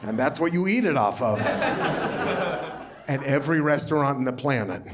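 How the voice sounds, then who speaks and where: A man's voice: medium pitch, animated, moderate pace. A man in his forties from Portland, Oregon, performing a stand-up comedy set, telling stories with silly put-on voices. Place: comedy club stage. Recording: live show with crowd laughter. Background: audience laughing.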